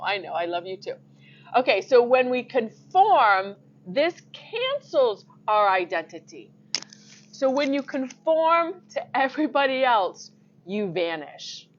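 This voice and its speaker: High-pitched woman, earnest preaching, laughs a lot, slightly dull lo-fi audio. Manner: earnest and emphatic, with frequent laughs. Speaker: Christian teacher. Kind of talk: informal sermon to camera.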